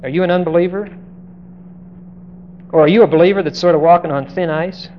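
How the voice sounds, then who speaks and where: A man's voice: sits high, a little fast. A man preaching an expository sermon on a Bible passage, emphatic, drawing out key words and putting direct questions to his listeners. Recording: dull lo-fi recording with faint hiss.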